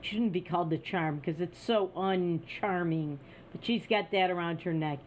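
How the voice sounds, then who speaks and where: A woman's voice: on the low side, normal speed, slight background noise. A woman hosting an opinion news show, talking in a scornful, sarcastic way. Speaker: news commentary host. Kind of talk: opinion commentary.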